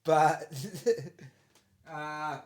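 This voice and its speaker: A man's voice: a little high, monotone, extremely slow, clear, resonant tone. A man doing mocking reaction commentary, laughing and talking sarcastically to his viewers.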